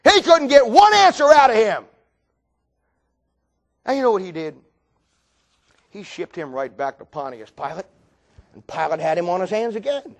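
An older man preaching a sermon with fervent, dramatic storytelling that swings from loud to hushed. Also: high voice, very animated, normal speed, long pauses.

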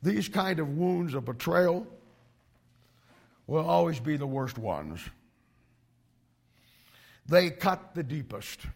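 A male pastor preaching to young ministry students, emphatic and animated, with frequent restarts. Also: on the high side, slow, gravelly, pauses often, husky.

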